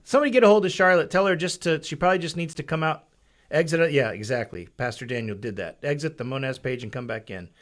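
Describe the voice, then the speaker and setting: A man hosting a casual church live stream, chatty, with halting restarts and easy laughter. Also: fairly high pitch. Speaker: church webcast host.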